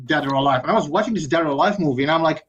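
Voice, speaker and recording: A man's voice: a little high, very fast, fairly bright tone, breathy edge. A man co-hosting a casual podcast chat, blunt and swearing freely. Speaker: podcast co-host. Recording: dull lo-fi mic.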